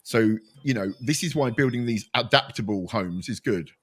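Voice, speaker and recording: A man's voice: medium pitch, animated, moderate pace, a bit bright, husky. A man co-hosting a casual online chat show over a video call, talking in a rambling, self-deprecating way. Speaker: co-host.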